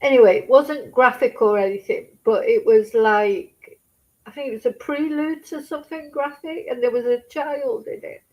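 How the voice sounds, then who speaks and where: On a casual live stream, a middle-aged woman who covers true crime speaks at a moderate pace in a voice on the high side. Tearful and distressed, she swears and laughs nervously between sentences, and the audio's highs are cut off.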